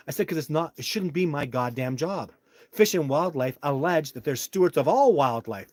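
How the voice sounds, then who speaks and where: A man hosting a live stream, answering chat in a rambling way that heats up into loud, indignant rants with cursing. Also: on the high side, expressive, fairly quick, no echo.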